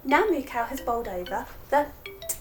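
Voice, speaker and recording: A woman's voice: high-pitched, animated, normal speed, over music. A young woman hosting a children's phonics lesson, cheerful and encouraging, laughing often. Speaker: phonics teacher and host.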